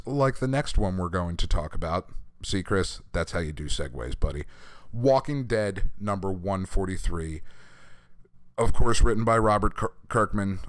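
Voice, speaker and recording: A man casually reviewing comics on a podcast, his voice hoarse from being sick, talking candidly with swearing and laughs. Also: sits low, no echo. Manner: candid, profane, animated rants with laughter. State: hoarse from recent illness. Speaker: comic book podcast host.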